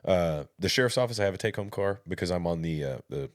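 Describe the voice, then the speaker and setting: A man's voice: deep voice, animated, fast. A man telling stories from police work as a podcast guest, laughing often. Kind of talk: casual storytelling.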